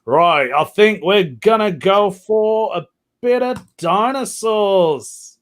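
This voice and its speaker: A man hosting an online pun contest in a relaxed, casual way over a video call. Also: high voice, takes it slowly.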